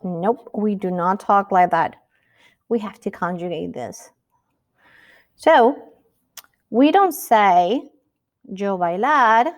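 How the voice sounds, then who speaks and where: A woman's voice: mid-range voice, lively intonation, slow, long pauses, a little mellow. A woman teaching a Spanish lesson, speaking patiently and asking the listener rhetorical questions. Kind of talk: recorded classroom lesson.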